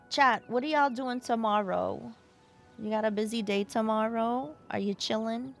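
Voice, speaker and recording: A woman streamer in casual live-stream chat, relaxed, affectionate and chatty. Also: medium pitch, unhurried, creaky, long pauses, faint music behind.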